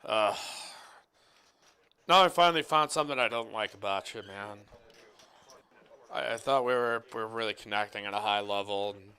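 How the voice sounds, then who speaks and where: A man calls the action at a poker final table, his slightly low voice bright and cleanly crisp. He drifts into football chatter and reads out viewer messages, keeping things loose and joking. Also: moderate pace, long pauses. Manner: rambling, joking, reads viewer chat aloud. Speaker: poker commentator. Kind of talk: live poker commentary with casual chat. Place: card room commentary booth.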